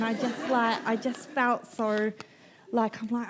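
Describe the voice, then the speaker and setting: A woman, an author telling a personal story in an on-stage conversation, candid and animated, swearing freely and acting out what people said. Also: a little high, slow pace. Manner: candid, animated, swears, laughs often, acts out quotes. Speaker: author guest at a book festival.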